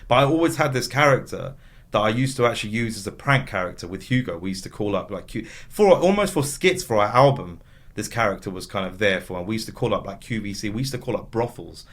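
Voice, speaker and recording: A man, chatting casually as an interview guest and telling lively stories. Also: lowish voice, fast. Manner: animated storytelling with voiced impressions. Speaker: comedy actor and writer, guest.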